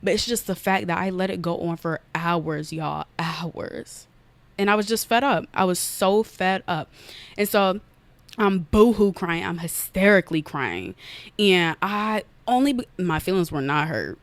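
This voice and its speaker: A young woman hosting a casual podcast, retelling a story in an animated, fast way and acting out her own outbursts, recorded on an iPad. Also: on the low side, no echo. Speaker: podcast host. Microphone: iPad on an unsteady stand.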